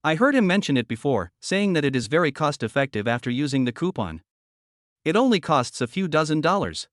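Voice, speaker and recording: A man reading the lines of a gentle, trusting young woman in a story, speaking softly. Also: a little high, sing-song, brisk, no room sound, clean studio sound. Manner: soft-spoken, trusting.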